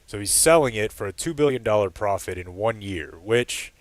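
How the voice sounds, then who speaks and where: A man's voice: lowish voice, expressive, normal speed, no room sound. A man hosting a sports talk show, reading listener mail aloud and chatting loosely, laughing mid-sentence.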